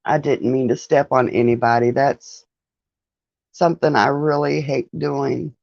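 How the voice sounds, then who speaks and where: A woman's voice: rumbling low, fairly even intonation, measured pace, creaky, darkish tone, no room sound, lo-fi sound. A woman hosting a casual livestream, chatting with viewers, greeting them by name and laughing often. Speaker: livestream host. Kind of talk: casual live-stream chat with viewers.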